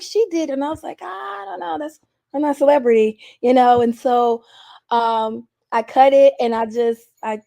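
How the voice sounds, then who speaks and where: A young adult woman telling candid stories in an interview, laughing often and acting out what people said. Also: on the high side. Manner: animated, laughs often, acts out quotes. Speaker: guest.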